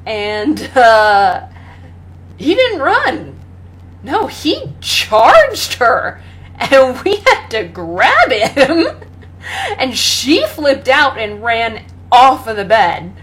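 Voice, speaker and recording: A young woman chatting casually about her pets, rambling with many pauses and fillers and often breaking into laughter. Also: a little high, sing-song, a bit bright. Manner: rambling, full of ums and laughs, talks to her cat. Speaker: pet owner vlogger. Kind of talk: casual chat.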